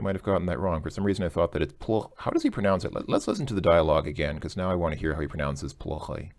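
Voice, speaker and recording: A man with a low, gravelly voice walks through a language exercise out loud. He muses and second-guesses himself as he goes, pausing to check his answers. His tone stays conversational and unhurried. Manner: hesitant, self-correcting, musing aloud. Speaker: language tutor. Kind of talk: thinking-aloud lesson walkthrough.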